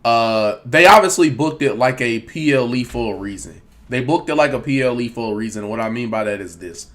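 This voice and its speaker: A man's voice: mid-range voice, expressive, brisk, fairly bright tone. A man hosting a casual livestream, talking loosely with lots of repeated fillers. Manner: loose, repetitive, fills with "yo" and "all right". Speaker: wrestling commentary host. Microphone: wireless earbuds.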